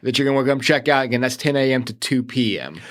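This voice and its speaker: A man's voice: medium pitch, animated, fast, fairly bright tone. A man, a tourism manager, who is a guest on a podcast, talking casually and enthusiastically with lots of fillers as he runs through a list of events. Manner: enthusiastic, rambling, laughs easily, many "uh" fillers. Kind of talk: casual interview.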